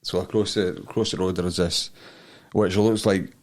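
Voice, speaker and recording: Scottish guy on a podcast, lowish voice, keeps laughing through his crude stories. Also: fairly even intonation, moderate pace. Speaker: podcast co-host. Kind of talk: casual chat.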